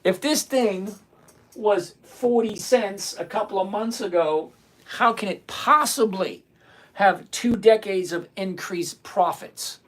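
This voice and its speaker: A man's voice: high-pitched, slow pace, fairly bright tone. A man in his sixties hosting a live stream, reading chat questions aloud and answering in a blunt, dismissive way. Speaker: livestream host answering chat.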